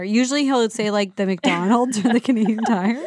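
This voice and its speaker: A woman co-hosting a podcast in casual chat, friendly and quick to chime in. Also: fairly high pitch, a little mellow, no room sound. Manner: friendly, chiming in with short reactions. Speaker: podcast co-host.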